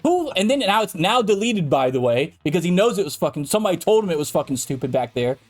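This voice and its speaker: High-pitched male podcast co-host, heated, cursing ranter, emphatic delivery. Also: very animated, fast, faint music behind. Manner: ranting, profane, emphatic. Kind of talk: heated debate.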